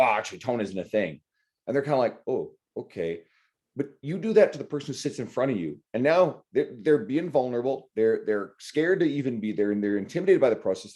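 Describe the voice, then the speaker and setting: A man's voice: medium pitch, warm tone. A man hosting a podcast, talking bluntly and with animation, swearing freely as he makes his point. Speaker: podcast host. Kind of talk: casual podcast chat.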